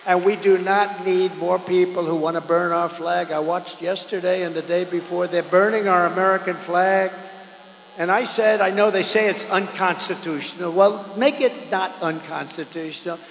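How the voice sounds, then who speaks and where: An older man giving a campaign rally speech, rambling and repetitive, swinging between loud declarations and low asides. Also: steady tone, normal speed, creaky, a little hiss or hum. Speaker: political candidate at a rally. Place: large outdoor or arena rally. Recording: echoey hall with long reverb.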